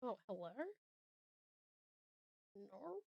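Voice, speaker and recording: A woman's voice: medium pitch, very animated, extremely slow, gravelly, breathy edge, dry recording, lo-fi sound. An Australian woman from Tasmania chatting casually and playfully on a live stream, self-deprecating, close to a desk microphone.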